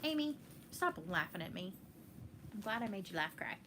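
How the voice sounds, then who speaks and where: With a sing-song lilt at a moderate pace, this mid-range female voice carries a Texan accent over a noisy background. She's a flosstube host at home, laughing and chatty while responding to viewer comments in a casual live chat.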